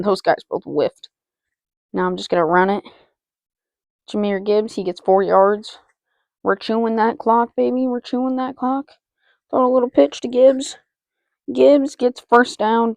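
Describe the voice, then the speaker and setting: An excitable woman calls her own football video game as she plays, chanting player names and muttering to herself between plays. Her voice carries a gravelly fry, and the recording is close and dry, with no room around it. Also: mid-range voice, normal speed, no room sound. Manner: excitable, repeats player names, talks to self. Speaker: gaming channel host. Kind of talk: live video game commentary.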